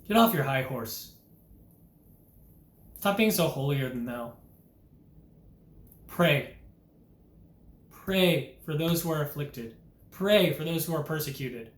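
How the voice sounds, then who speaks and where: Young guy preaching hard, earnest and pleading, kinda high voice, roomy echo. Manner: earnest and urgent, with rhetorical questions. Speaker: Christian vlogger. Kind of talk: impassioned preaching monologue.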